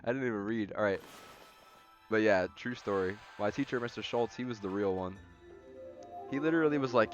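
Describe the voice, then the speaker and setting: Brief: low-voiced young male streamer, loose and profane, faint game music behind. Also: fast, highs cut off. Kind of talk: casual gaming chat.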